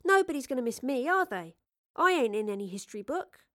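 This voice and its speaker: A cheeky, lively young woman chatters in a bright, bouncy voice, put on by a woman narrator. Her informal teasing lifts high in pitch. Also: fairly quick, dry recording, clean studio sound, heavily acted.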